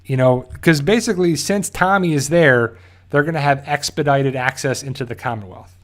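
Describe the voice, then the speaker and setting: A man's voice: fairly high pitch, normal speed. A man casually recapping a TV episode, rambling and correcting himself as he goes. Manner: rambling, self-correcting, loosely paraphrases scenes. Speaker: TV show reviewer.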